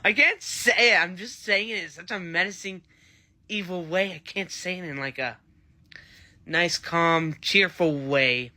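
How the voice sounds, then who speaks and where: Bright-voiced enthusiastic male reviewer. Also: a little high, a little slow. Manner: enthusiastic, rambling fan chatter. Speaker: TV show reviewer. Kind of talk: casual spoken review.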